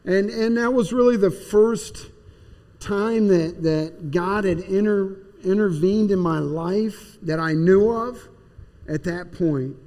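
A man's voice: high-pitched, slow pace, dark tone. A man plainly and earnestly telling his personal testimony. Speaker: speaker giving personal testimony. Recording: long hall reverb.

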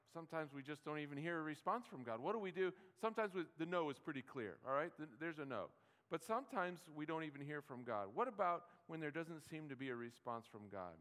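A man's voice: fairly high pitch, a bit bright. A middle-aged man preaching a sermon in a conversational way, with many rhetorical questions and small restarts. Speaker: pastor. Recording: reverberant hall.

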